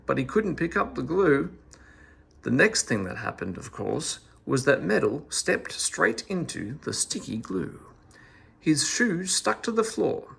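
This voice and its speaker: A man reading a children's story aloud in an expressive, animated storytelling manner. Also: a little high, gravelly, breathy edge.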